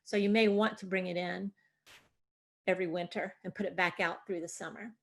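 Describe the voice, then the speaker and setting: A woman's voice: lowish voice, fairly even intonation, a little fast, creaky. A woman presenting an online gardening workshop on a video call, explaining in a chatty, informal way with fillers. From Delaware, USA.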